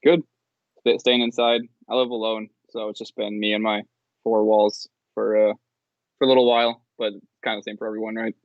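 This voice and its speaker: A man's voice: fairly low pitch, little pitch movement, fairly quick, no echo, muffled recording. A young man from Minnesota, a podcast guest, talking in a laid-back, hesitant way full of fillers. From Minnesota, USA. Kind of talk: casual chat.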